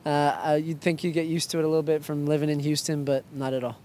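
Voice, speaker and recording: Playful young man with a raised pitch. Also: little pitch movement, fast, dark tone, slight background noise. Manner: playful, joking, self-mocking. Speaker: professional soccer player, interview guest. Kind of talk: casual quick-fire interview answers.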